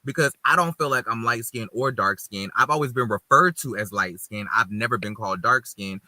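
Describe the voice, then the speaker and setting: A man's voice: medium pitch, fairly quick, bright, forceful tone, no room sound. A man co-hosting a podcast in casual group chat, talking earnestly and rambling with many filler "likes". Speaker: podcast co-host.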